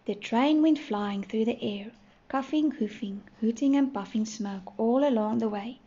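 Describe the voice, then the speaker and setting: A woman teacher reading a storybook aloud to toddlers, gentle and clear. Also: fairly high pitch. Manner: gentle, slow, clearly sounding out words. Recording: muffled, faint hiss.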